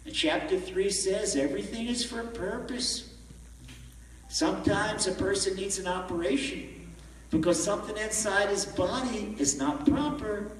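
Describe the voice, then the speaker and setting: A man giving an animated storytelling sermon as a rabbi at a conference, recorded from far off in a large echoey hall. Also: high-pitched, a little slow, a little hiss or hum. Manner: animated, acts out the story in voices.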